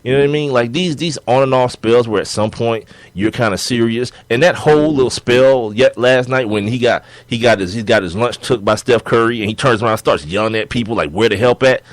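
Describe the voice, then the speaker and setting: A young man co-hosting a sports podcast in casual chat, animated and laughing as he argues his points. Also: mid-range voice, a little fast, few pauses, dry recording. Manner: animated, laughing, acts out players' quotes.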